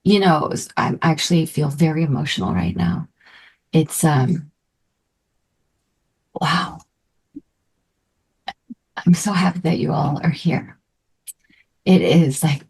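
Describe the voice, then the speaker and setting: A middle-aged woman coaches a spiritual group in a slow, unhurried flow. Her voice sits low for a woman. She is effusive and emotional, and now and then drops into soft, breathy asides. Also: animated. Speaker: meditation and manifestation coach.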